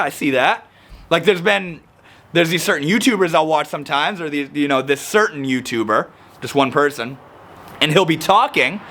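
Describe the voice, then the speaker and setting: Bright-voiced man, animated explainer. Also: fairly high pitch. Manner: animated, acts out quoted people. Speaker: self-help video host. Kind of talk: casual talking-to-camera explainer.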